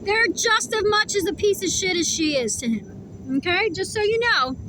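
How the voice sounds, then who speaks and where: A woman's voice: very high-pitched, lively intonation, normal speed, noisy background. A woman giving a casual tarot reading to camera, blunt and profane, chewing food while she talks. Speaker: tarot reader.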